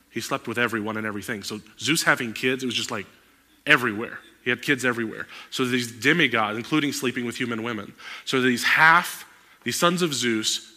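A male pastor delivering a sermon with a bright, edgy tone. He talks animatedly and climbs into loud, emphatic outbursts. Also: medium pitch.

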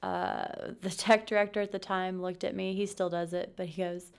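Woman podcast guest from Missouri, mid-pitched, smooth and a bit gravelly, soft polite storyteller. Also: level tone, normal speed, hardly any pauses. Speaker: podcast guest, math teacher. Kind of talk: casual interview.

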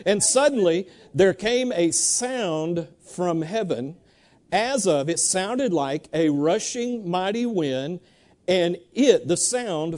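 High-voiced preacher, mellow. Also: male voice. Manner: animated, drawls Bible verses slowly. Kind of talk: sermon with congregation call-and-response.

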